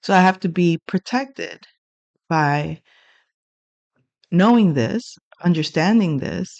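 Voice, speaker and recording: A woman's voice: fairly low pitch, takes it slowly, no room sound, lo-fi sound. A middle-aged woman telling a personal story in a casual monologue, blunt and profane, acting out the exchanges as she goes. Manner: blunt, profane, animated retelling.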